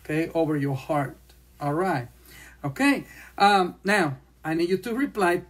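Slow-paced sign language teacher. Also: medium pitch. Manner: speaks slowly, repeats phrases while demonstrating signs. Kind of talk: slow classroom lesson.

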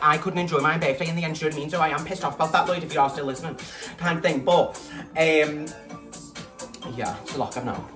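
A man, tipsy, chatting in a rambling, gossipy vlog and swearing a lot. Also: a little high. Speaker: vlogger. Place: his bedroom at home. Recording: distant mic with loud background music. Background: music playing.

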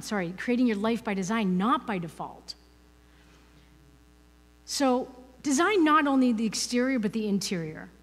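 A woman gives a spiritual talk from the front of a church hall. Her delivery is casual and playful, and she keeps tossing rhetorical questions to the congregation. Her voice sits at an ordinary pitch and echoes through the long reverb of the room. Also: darkish tone. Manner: conversational, playful, asks the audience rhetorical questions. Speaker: guest speaker.

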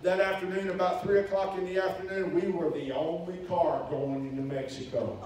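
An animated preacher, a man telling a story to his congregation and throwing himself into each quoted voice. His voice sits a little high for a man. It rings around a big echoey hall, picked up from a distance with a faint hiss. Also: brisk.

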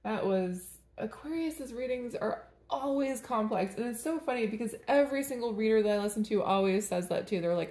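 A woman's voice: on the high side, expressive, a little fast, few pauses, warm tone, reverberant. A woman giving a tarot reading to camera in a casual, rambling way, chatting and laughing between the cards. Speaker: tarot reader.

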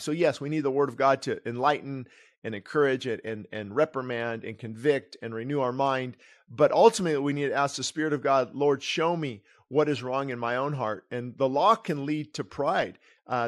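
Here a middle-aged pastor, his mid-range voice a bit bright, preaches from a book he wrote, mixing the reading with commentary. He wanders earnestly off topic and keeps cutting himself off to begin sentences anew.

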